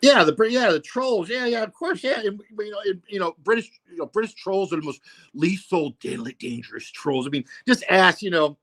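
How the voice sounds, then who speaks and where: A man's voice: sits high, expressive, brisk, fairly bright tone. A man hosting a casual livestream, rambling and profane, full of "you know, man.". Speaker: livestream host.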